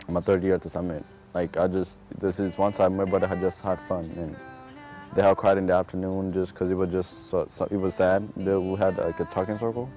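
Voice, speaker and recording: A man telling a personal story in an interview, halting and restarting often. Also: sits low, warm tone. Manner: halting, restarts with many fillers. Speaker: former summit participant. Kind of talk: testimonial interview.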